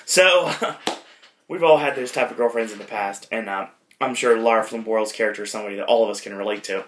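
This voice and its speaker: Bright-voiced man rambling about movies. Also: mid-range voice, fairly quick. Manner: rambling, many fillers and self-deprecating asides. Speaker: podcast host. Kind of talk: casual movie retrospective.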